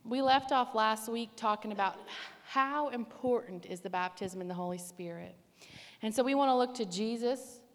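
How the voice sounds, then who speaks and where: A woman preaching a sermon, telling a personal story in an animated, emphatic way. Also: fairly high pitch, moderate pace. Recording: echoey hall reverb.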